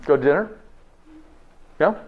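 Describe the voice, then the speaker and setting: A man's voice: on the high side, expressive, unhurried. A man giving a live health lecture to an audience in a folksy way, tagging his points with "okay?" and asking the room questions. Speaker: health presenter. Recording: dull lo-fi recording.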